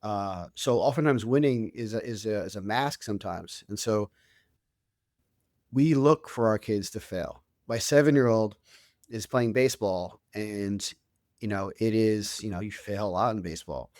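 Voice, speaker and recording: Chatty dad telling a story. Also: male voice, fairly low pitch, normal speed, a little mellow, dry recording, clean studio sound. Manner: conversational, many restarts and fillers. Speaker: guest, author and youth coach. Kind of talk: casual interview storytelling.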